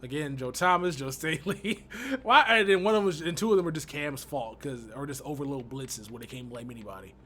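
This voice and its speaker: Animated, bright-voiced young man griping over gameplay. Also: on the high side, a little fast, hardly any pauses, slight background noise. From Texas. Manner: exasperated, slangy, laughs often. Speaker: gaming YouTuber. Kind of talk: casual gameplay commentary.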